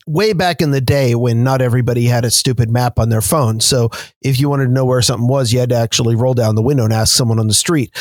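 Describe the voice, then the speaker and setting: A man's voice: medium pitch, dry recording. A man co-hosting a podcast, chatting casually and telling a story with many restarts and laughs.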